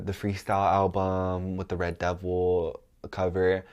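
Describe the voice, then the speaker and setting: Young guy with a deep voice rambling on camera, stuffy nose, tons of ums. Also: darkish tone. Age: young adult. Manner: chatty, rambling, many ums and likes. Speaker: vlogger. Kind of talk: casual chat.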